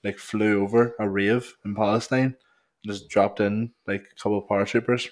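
A young man with a Northern Irish accent and a fairly low voice, rambling through casual podcast chat in a small home studio. He talks loosely, stacking "like" and swear words as he goes. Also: little pitch movement, normal speed. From Northern Ireland. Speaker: podcast co-host.

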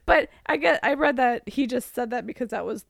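A young woman co-hosting a podcast, casually retelling a story in a lively way and slipping into quick silly voices. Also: high voice, gravelly, no echo, clean studio sound. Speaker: podcast co-host. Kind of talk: casual chat recapping a story.

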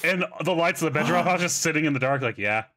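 A man's voice: on the high side, racing, pushed and bright. Man rambling through casual comic stories. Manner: rambling storyteller, swears freely. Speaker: contestant pitching products. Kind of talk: casual comedic chat.

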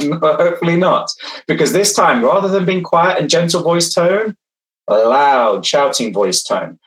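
Man giving a lively online lecture. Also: a little high, measured pace, rough recording. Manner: engaging, addresses audience as folks, reads chat replies.

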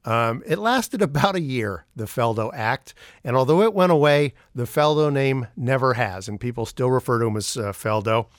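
A man's voice: medium pitch, lively intonation, moderate pace, few pauses. A man hosts a podcast and introduces the next clips in a loose, rambling way. He uses a lot of fillers. His voice sounds dry, with no room echo. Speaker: podcast host. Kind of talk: casual show introduction.

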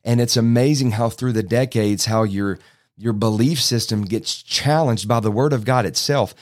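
A man's voice: medium pitch, normal speed. Man, forties, preacher, urgent exhorting sermon, mid-range voice. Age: 40s. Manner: urgent, exhorting, speeds up when excited.

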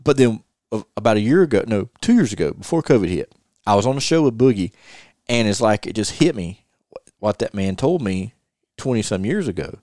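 A man's voice: on the low side, animated, fairly quick, a little mellow, no echo, clean studio sound. A middle-aged man from North Carolina, a podcast host earnestly telling a personal story and retelling advice he got. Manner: earnest, repeats himself, quotes advice at length. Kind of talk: casual chat, personal storytelling.

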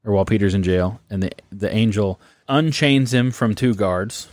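A man with a fairly low voice co-hosts a casual podcast, walking through a story with relaxed, jokey asides. The sound is dry and close, with no room behind him. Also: normal speed, no echo. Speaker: podcast co-host. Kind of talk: casual podcast chat about the Bible.

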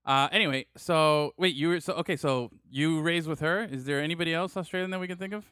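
A man's voice: on the high side, quick pace, bright, forceful tone, clean tone, no echo, studio quality. A man hosting a podcast in casual banter, joking, laughing and rambling between topics. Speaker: podcast host.

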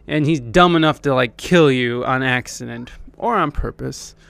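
A man's voice: medium pitch, moderate pace, creaky, fairly bright tone, clean tone, no room sound. A young man hosting a podcast, telling a rambling, profane story about a gig in a casual, self-deprecating way. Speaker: podcast host and band keyboardist.

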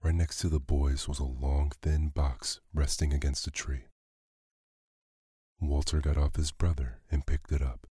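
Very deep, husky male storyteller. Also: level tone, a little slow, dark tone, no room sound, studio quality. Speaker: narrator. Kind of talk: bedtime story reading.

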